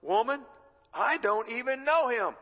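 A male pastor voicing a frightened male disciple who loudly and defiantly denies knowing his master. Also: high voice, expressive, normal speed. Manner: insistent, defiant protest. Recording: reverberant dull-sounding hall.

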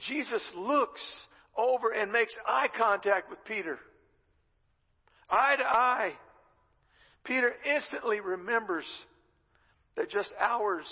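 A man with a high, gravelly voice delivers a sermon, retelling scripture as a relaxed, conversational story. His voice is husky, and it rings out with a long reverb in a church hall. The recording sounds somewhat dull and muffled. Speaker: pastor.

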